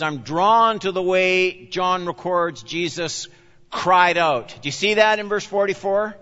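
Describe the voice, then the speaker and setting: A man from Canada preaching a sermon as a pastor, swinging between loud urgent emphasis and quiet asides. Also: high-pitched, animated, measured pace. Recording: dull sound with long reverb in a large hall.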